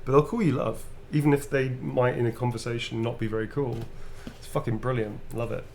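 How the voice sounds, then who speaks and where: A man's voice: mid-range voice, level tone, a little fast, vocal fry, a little mellow, slight background noise. Sweary man chatting on a livestream. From England. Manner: swearing, rambling, laughing. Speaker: livestream host. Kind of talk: casual chat.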